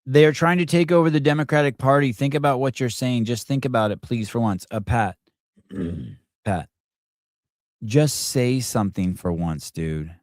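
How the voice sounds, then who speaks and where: A man hosting a call-in podcast, talking in a pushy, animated way with some swearing. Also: medium pitch, moderate pace, no echo, clean studio sound. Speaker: podcast host. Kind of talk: casual call-in show chat.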